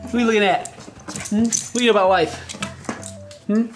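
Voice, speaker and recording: A man's voice: high voice, fairly even intonation, brisk, music in the background. A young man vlogging at home, chatting in playful baby talk to his dogs. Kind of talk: casual home vlog. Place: home indoors.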